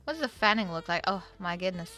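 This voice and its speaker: Bright, lively woman streamer. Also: on the low side, fast talker, faint music behind. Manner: chatty, jokey, self-deprecating. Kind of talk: casual livestream chat.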